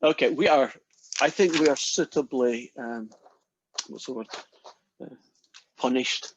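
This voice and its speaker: A man's voice: mid-range voice, measured pace, husky, poor audio. A man giving a casual university lecture, telling jokes and acting out the characters in them. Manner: chatty, storytelling, acts out quoted characters.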